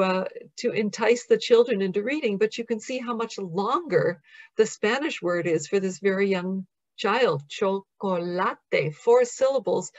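An American woman lectures in a calm, measured way, explaining carefully and slowing down to read example words aloud. Her voice sits in an ordinary middle range. The recording sounds dull and lo-fi. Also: mid-range voice. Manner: measured, explanatory, reads out word examples slowly. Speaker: professor presenting.

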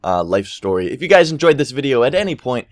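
A man's voice: mid-range voice, fast, no room sound, clean studio sound. Rambling young man telling a story. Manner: rambling, swears freely, quotes people in animated voices. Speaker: gaming commentary YouTuber. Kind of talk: casual storytelling over gameplay.

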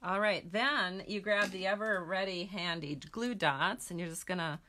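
A woman's voice: mid-range voice, moderate pace, bright, forceful tone, a little hiss or hum. A woman demonstrating a card-making craft, chatting casually with her viewers as she works. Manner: chatty, talks to viewers while working.

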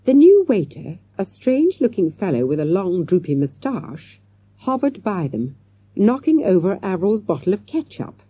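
A woman narrating a children's storybook in a measured, expressive reading. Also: medium pitch, breathy edge, no room sound. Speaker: audiobook narrator.

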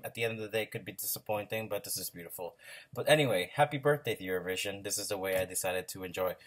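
A man hosting a reaction video, chatting casually and gushing with excitement as he watches. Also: fairly low pitch. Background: music playing from the video.

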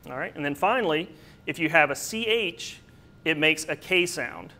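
A man gives a slide lecture on the names of plants, his slightly high voice sharp in tone, his intonation lively and his speed normal. He is patient in explaining, with occasional fillers and brief asides.

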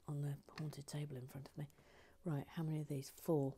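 A woman hosting a model-building stream on a lapel mic, chatting in a rambling, self-mocking way and dropping into soft whispered asides. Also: low-pitched, flat delivery, brisk, a little hiss or hum. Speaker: host building a toy model. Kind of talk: casual chat while building. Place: indoors at a table.

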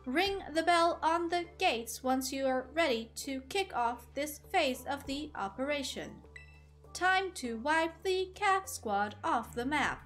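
A woman voicing a robotic synthetic female messenger while reading game dialogue aloud, speaking slowly and evenly with deliberate pauses. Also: high-pitched, animated, a bit bright, soft background music, heavily acted. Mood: measured.

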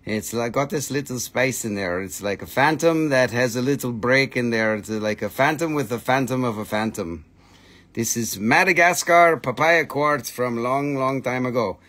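A man hosting a live crystal sales stream in the shop, talking in a loose, excitable way and squealing with delight at each new price. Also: mid-range voice, normal speed. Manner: excitable, squeals "whee" at prices, non-native phrasing. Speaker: livestream crystal seller.

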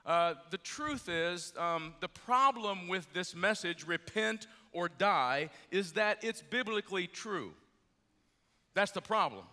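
A middle-aged man preaching in a large church, his voice pitched high and bright. He jokes and talks to the crowd easily, though a little jet lagged. Long hall reverb trails each line. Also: slow pace. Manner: lively, joking, conversational preaching. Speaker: pastor. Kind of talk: sermon.

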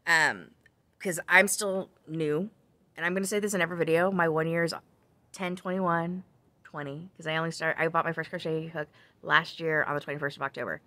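Chatty woman, bright forceful voice. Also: low voice, steady tone, fairly quick, no echo. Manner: chatty, rambling with side tangents; frequent ums and self-corrections. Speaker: crochet vlogger. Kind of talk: casual chat.

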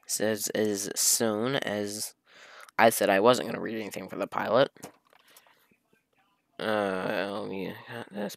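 A man's voice: lowish voice, slow pace, gravelly, fairly bright tone, no room sound. Exasperated man mocking a fan fiction. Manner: exasperated, sarcastic, swearing. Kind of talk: comedic fan fiction reading with commentary.

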